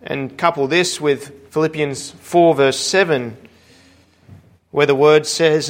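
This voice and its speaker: A man's voice: fairly high pitch, steady tone, takes it slowly. A man preaching a sermon, earnestly retelling scripture and a martyr's story. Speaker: pastor.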